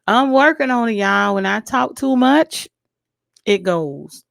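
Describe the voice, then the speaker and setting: A woman hosts a casual YouTube commentary vlog, giving blunt opinions straight to her viewers while her voice is weakened by allergies and coughing. Her voice is on the high side, expressive and creaky, and she speaks slowly. The recording is dry and studio quality.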